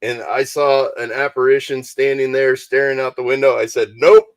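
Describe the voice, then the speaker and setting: A man with a mid-pitched voice talks in a relaxed podcast chat, pausing and restarting as he tells his story. The sound is close and dry. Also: clear, resonant tone, no echo. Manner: hesitant, lots of uh and restarts. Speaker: podcast co-host. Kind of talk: casual chat.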